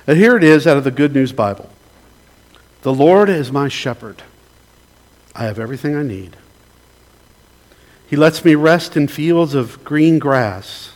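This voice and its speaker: A man preaching as a pastor, reading a psalm aloud and praying, gentle and unhurried, pausing to invite the congregation to respond. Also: medium pitch. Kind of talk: sermon with scripture reading and prayer.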